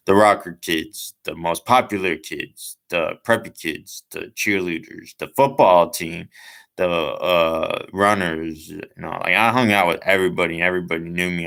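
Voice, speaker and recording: Low gravelly-voiced young man rambling. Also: fairly bright tone. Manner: rambling, many fillers and asides. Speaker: vlogger. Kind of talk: casual personal storytelling.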